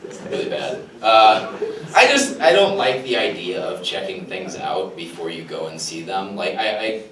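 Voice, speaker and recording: Low-voiced young man doing stand-up. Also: very animated, moderate pace, fairly bright tone. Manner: self-deprecating, chuckles at his own jokes. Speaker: stand-up comedian. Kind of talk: stand-up comedy set. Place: small comedy venue with a live crowd. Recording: roomy live recording from a distant mic with room noise.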